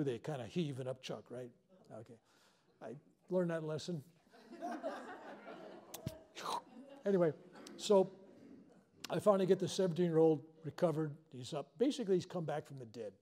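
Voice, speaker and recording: An older man, a reverend leading a healing workshop, telling stories to a live audience and acting out the voices in them. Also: fairly high pitch. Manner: animated storyteller acting out quoted voices. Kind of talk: storytelling talk to a live audience. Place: workshop hall.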